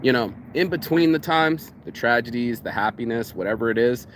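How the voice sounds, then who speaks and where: A man's voice: mid-range voice, fairly quick, a little hiss or hum. A man vlogging outdoors in a rambling, profane casual monologue, calling the listener "bro". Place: outdoors in public.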